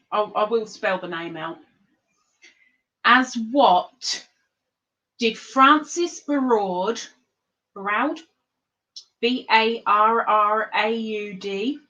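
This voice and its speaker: A woman's voice: mid-range voice, bright, forceful tone, muffled recording. A woman hosting an online trivia board game on her stream, chatting to viewers and sometimes talking with her mouth full. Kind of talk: casual live-stream chat.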